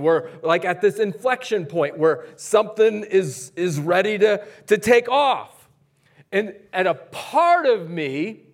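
A man preaching a sermon as pastor, conversational and energetic, swinging between loud bursts and quiet asides. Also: sits high.

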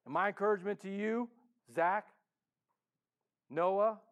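A man preaching a sermon as a pastor in a church, casual and enthusiastic, swinging between hushed and loud. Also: sits high, measured pace.

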